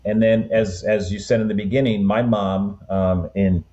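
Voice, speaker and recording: A man in his sixties, a guest in an interview, tells his family story in a relaxed, rambling way with many "um"s and "you know"s. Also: on the low side, normal speed, lo-fi sound. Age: 60s. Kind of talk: conversational storytelling.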